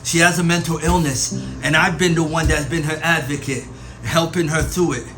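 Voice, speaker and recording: A man's voice: a little high, steady tone, moderate pace, natural voice. A man playing a stammering, defensive accused father. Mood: agitated. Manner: defensive, stammering, repeats himself. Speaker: suspect under interrogation. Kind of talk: amateur audio drama. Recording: noisy amateur recording with ambience.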